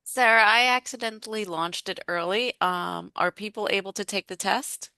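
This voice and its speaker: Brisk woman facilitator on a dry call. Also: medium pitch, bright, forceful tone, clear, resonant tone, no room sound. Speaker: session facilitator. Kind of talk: casual call logistics.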